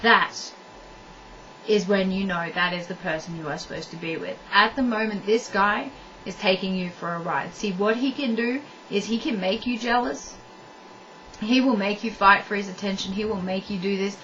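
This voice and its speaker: A woman's voice: mid-range voice, moderate pace, fairly bright tone. A young woman giving blunt relationship advice straight to camera, stressing her points by repeating them. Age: young adult. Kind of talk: direct-to-camera advice monologue. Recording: dull lo-fi audio from a distance with faint noise.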